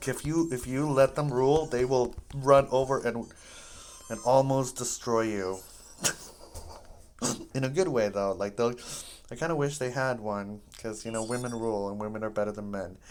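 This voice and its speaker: Casual gameplay rambler, excitable, jokey, squeals when stressed. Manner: rambling and excitable, jumps into high yelps; jokey, playful asides. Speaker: gaming channel host. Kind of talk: casual game commentary.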